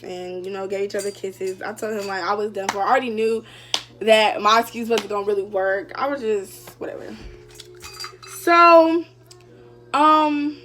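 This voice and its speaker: A woman's voice: on the high side, fairly bright tone. A young woman vlogger casually telling a story to her viewers, chatty and full of fillers. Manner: chatty, addresses viewers directly, many fillers.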